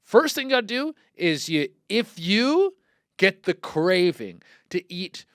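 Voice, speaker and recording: A male podcast host ranting comedically with heavy swearing, animated and exclamatory. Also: high-pitched, slow, no room sound, studio quality. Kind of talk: profane comedic rant.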